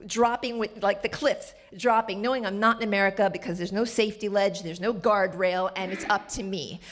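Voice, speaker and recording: A woman from the Bronx telling a personal story at a live storytelling show, animated, with sharp jumps up in pitch when she quotes people. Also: gravelly. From the Bronx, New York.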